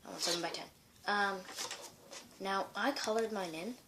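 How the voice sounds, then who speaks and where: A man's voice: high-pitched, normal speed. Guy chatting thru his homemade comics, lots of ums and restarts, hissy recording. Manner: rambling, with many fillers and restarts. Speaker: amateur comic strip creator. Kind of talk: casual show-and-tell reading of his own comics.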